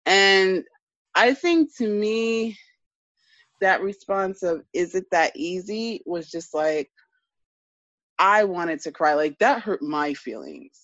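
A woman's voice: mid-range voice, animated, takes it slowly, long pauses, a bit bright, dry recording, muffled recording. A woman co-hosting a podcast, chatting casually and emphatically as she recaps a reality TV episode. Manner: chatty, emphatic, trails off and restarts. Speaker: podcast co-host.

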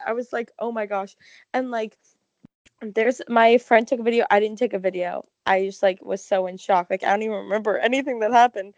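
A young woman co-hosting a casual chat, telling an excited, gushing story full of "like". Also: mid-range voice, brisk, no room sound. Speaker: podcast co-host.

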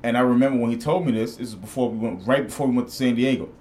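Fast-talking profane man in his thirties. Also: medium pitch, slight background noise. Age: 30s. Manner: profane, rambling, animated. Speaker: podcast host. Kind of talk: casual chat.

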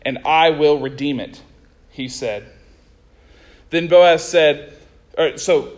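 Animated high-voiced male preacher. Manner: conversational, animated retelling with casual asides. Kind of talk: sermon with scripture reading.

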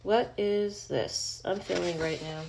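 A woman's voice: on the low side, takes it slowly, gravelly, a little mellow, a little hiss or hum. Woman reading as a flustered student girl, thinking aloud, a bit fried. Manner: self-talking, flustered. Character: flustered tired young female student.

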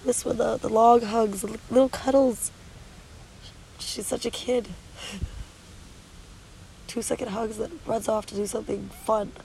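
A woman's voice: a little high, fairly even intonation, unhurried, gravelly, pauses often, dark tone, a little hiss or hum, poor audio. A woman vlogging candidly outdoors at the beach, worn out from no sleep and tearful with a stuffy nose, talking in a weary, rambling, blunt way with swearing. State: exhausted and sleep-deprived. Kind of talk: candid confessional vlog.

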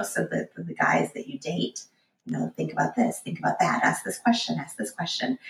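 A woman's voice: deep voice, gravelly, echoey room, recorded from a distance, poor audio. A candid woman in her forties, a guest author telling personal stories in a conversational podcast interview. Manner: candid, storytelling, acts out quotes.

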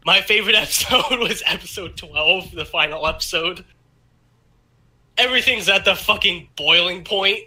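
A man co-hosting a casual podcast chat, excitable and emphatic, swearing often. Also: high voice, normal speed.

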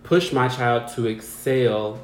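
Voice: mid-range voice, slow pace. A co-host in casual podcast chat, reflective and chatty. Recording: roomy echo.

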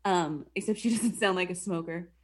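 A young woman casually retelling a movie plot for a comedy podcast. She swears a lot and keeps dropping into quick mock voices for the characters. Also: lowish voice, a crowd in the background. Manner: profane, animated, does mock voices for the characters.

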